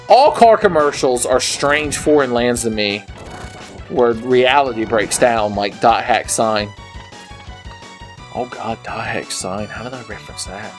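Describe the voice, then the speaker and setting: A young man slurring a little while drinking, giving rambling, profane commentary on a game as he plays it, swinging between low mutters and sudden yells. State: slightly drunk, slurring. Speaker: gaming video maker. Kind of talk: drunken let's play commentary. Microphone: headset.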